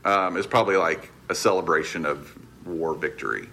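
A man's voice: sits low, moderate pace, gravelly, bright, forceful tone, a little hiss or hum. A man teaching a casual Bible class, chatty and loose, correcting himself and laughing easily.

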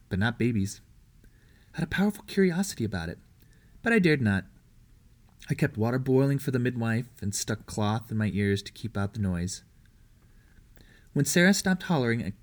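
A man reading a historical novel aloud as an audiobook. His storytelling is steady and measured. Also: lowish voice. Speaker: audiobook reader. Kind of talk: audiobook narration.

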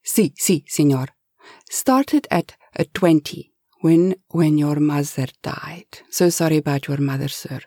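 A woman's voice: low-pitched, a little slow, mellow, no room sound, studio quality. A woman voicing an anxious, loyal middle-aged male banker, pleading and wailing in a storybook reading. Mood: fretful.

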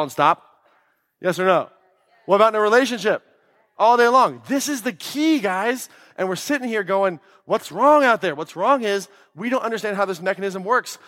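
A man's voice: high-pitched, fairly bright tone, big-room sound. A man giving an emphatic, blunt motivational talk to an audience, swearing freely and asking questions of the room. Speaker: podcast host giving a talk.

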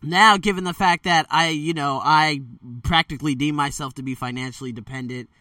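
A man's voice: a little high, fairly quick, dry recording, recorded from a distance. A man in a casual vlog, telling a childhood story in a loose, rambling way, with many fillers and self-corrections. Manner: animated, jumps into quoted voices. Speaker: storyteller vlogger. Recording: dry sound, set back from the mic.

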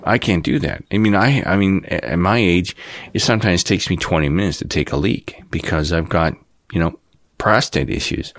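A man's voice: sits low, normal speed, no room sound. A man in his fifties, from the Cleveland area, ranting in a cynical, rambling casual monologue as host of his own channel. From Cleveland, Ohio area. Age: 50s. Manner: cynical, rambling, mocks folksy TV voices.

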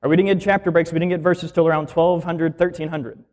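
A man's voice: a little high, steady tone, fast, a little mellow. A male minister giving a sermon in a conversational teaching style, explaining scripture plainly and asking the listeners questions.

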